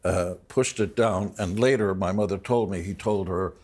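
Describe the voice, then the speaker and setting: A man, a guest in an interview, telling a personal story in a reflective, halting way full of restarts. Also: deep voice, darkish tone. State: emotional.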